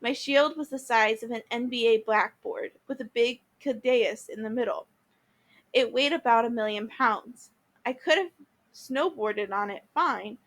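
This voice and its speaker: A teacher reading a novel aloud to listeners, with small restarts and repeated words along the way. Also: female voice, on the high side, a bit bright. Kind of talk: read-aloud storytelling.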